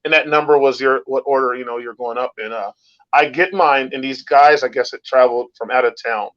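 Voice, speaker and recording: A man, a stand-up comedian telling a story in casual chat with animated, drawn-out delivery. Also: mid-range voice, dull audio.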